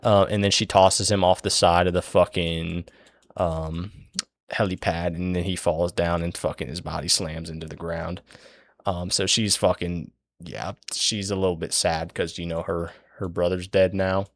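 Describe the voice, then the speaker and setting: A man's voice: low voice, little pitch movement, moderate pace, no echo. A young man casually retelling a story while he draws it, rambling, swearing and losing his place.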